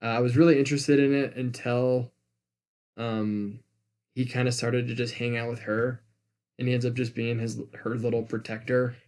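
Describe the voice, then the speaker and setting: A man's voice: medium pitch, level tone, moderate pace, a little mellow. Man, podcast co-host, casual movie chat, blunt and opinionated, slangy.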